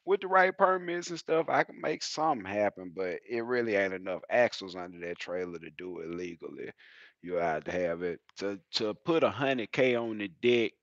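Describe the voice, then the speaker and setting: A man who drives heavy-haul trucks, chatting casually on a livestream as an animated storyteller who laughs often. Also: fairly low pitch, normal speed, no room sound, muffled recording.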